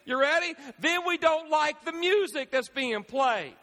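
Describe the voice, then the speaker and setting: A man, preaching a sermon as pastor, animated, with call-and-response questions to the congregation. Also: very high-pitched, unhurried. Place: church sanctuary. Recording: echoey church hall.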